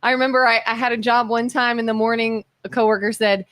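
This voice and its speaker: A woman co-hosting a casual talk radio show, chipper and animated as she tells stories. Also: a little high, fast, no room sound. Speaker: co-host. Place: radio studio.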